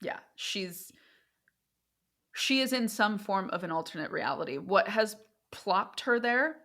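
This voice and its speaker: A woman in her thirties, a therapist and podcast co-host, chatting casually and animated when she tells a story. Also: medium pitch, measured pace.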